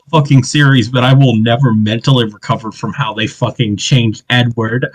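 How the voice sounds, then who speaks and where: A man's voice: medium pitch, steady tone, moderate pace, no echo, rough recording. A man co-hosting a casual podcast, blunt and swearing. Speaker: podcast co-host.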